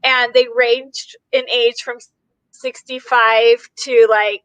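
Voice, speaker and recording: A woman's voice: on the high side, flat delivery, slow pace, a bit bright, dry recording, poor audio. A woman hosting a casual video chat, chatty and affirming, telling a personal story. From United States.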